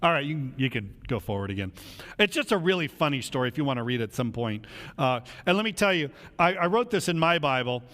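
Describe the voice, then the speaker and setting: A man's voice: mid-range voice, sing-song, a little fast, fairly bright tone, big-room sound. A male pastor preaching a casual, conversational sermon in a church, acting out the voices of people he quotes.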